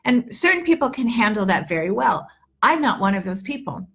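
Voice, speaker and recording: A woman's voice: medium pitch, big pitch swings, fairly quick, creaky, fairly bright tone, husky. Woman, 50s, English teacher, live online lesson, chatty, earnest, lots of fillers and restarts. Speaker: English teacher and accent coach.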